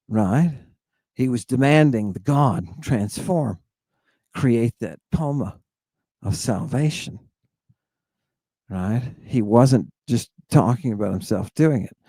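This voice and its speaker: A man hosting a lecturing monologue to his viewers. He talks emphatically, keeps asking "right?" and "do you understand?", and stalls in halting restarts with drawn-out fillers. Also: mid-range voice, mellow, no room sound. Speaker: host.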